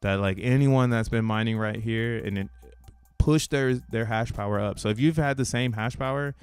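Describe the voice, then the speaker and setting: Chill slangy dude rambling about charts, smooth clean voice, a bit of quiet music under it. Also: male voice, mid-range voice, moderate pace. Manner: slangy and loose, laughs between points; rambling, restarts thoughts mid-sentence. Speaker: crypto channel host. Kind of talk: casual commentary on a chart.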